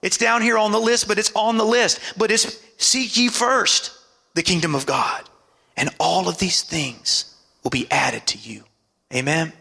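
Gravelly high-voiced preacher in a reverberant hall. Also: male voice, measured pace, sharp tone. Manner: preaching with call-and-response asides and dramatic drops in pitch. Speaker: pastor. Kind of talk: sermon.

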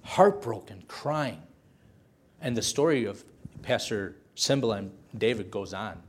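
A man's voice: on the low side, expressive, a little slow, slightly rough. A man preaching a sermon, telling a story with passion and repeating phrases for emphasis.

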